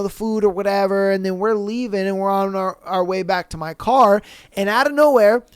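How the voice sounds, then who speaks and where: A podcast host with a high, smooth, clear voice spins a rambling personal story in loose, profane slang. He keeps slipping into the other people's voices as he goes. The sound is dry and close, with no room around him. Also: dry recording. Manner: profane, rambling anecdote with quoted dialogue. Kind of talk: casual storytelling.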